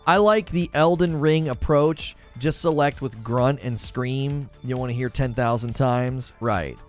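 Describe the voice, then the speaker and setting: A man hosting a casual gaming livestream, reading chat and arguing his opinions out loud, now and then mimicking cartoon voices. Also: a little slow, faint music behind. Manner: animated, opinionated, thinks aloud; briefly mimics cartoon voices in a high falsetto. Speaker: gaming news host reading live chat.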